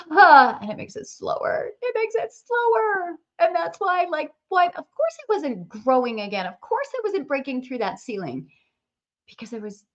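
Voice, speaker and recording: A woman's voice: low-pitched, vocal fry. A woman business coach, congested with a cold, talking emotionally and expressively to her followers on a live stream. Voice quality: expressive, laughs often, swings between bright and soft. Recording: dull lo-fi live-stream audio.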